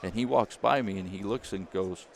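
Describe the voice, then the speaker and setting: A man, a former caddie turned business founder, telling a lively story in an interview and acting out the people he quotes. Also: lowish voice, normal speed, creaky. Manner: animated storyteller, acts out quoted voices.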